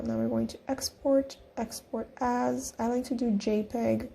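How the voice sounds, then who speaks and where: A woman's voice: on the high side, fairly even intonation, normal speed, gravelly, few pauses, mellow, slightly rough. Giggly young woman walking through a design tutorial. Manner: chatty, giggly, talks through each click. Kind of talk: casual screen-recorded tutorial.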